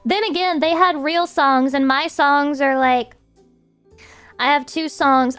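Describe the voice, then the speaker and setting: A woman's voice: high voice, measured pace, fairly bright tone, soft background music. A woman streamer chatting casually with her viewers in a profane, rambling rant.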